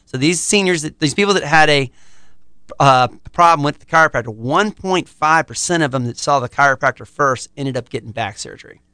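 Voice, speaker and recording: A man's voice: on the high side, lively intonation, a little fast, bright, forceful tone, smooth, dry recording. A middle-aged man, a chiropractor, explaining his practice confidently in a podcast interview. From United States.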